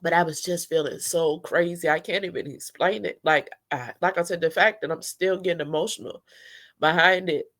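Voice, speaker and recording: Speaking at a moderate pace with fairly even intonation, a woman with a lowish, fairly bright voice shares her story. She's a middle-aged church singer recounting a difficult rehearsal to viewers, tearful at moments and openly emotional.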